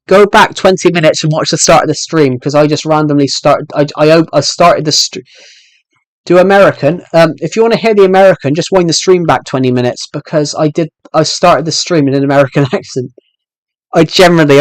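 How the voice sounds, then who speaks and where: A young man from Britain with a thick regional British accent, chatting casually on a live stream and rambling quickly with many restarts. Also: fairly high pitch, dry recording.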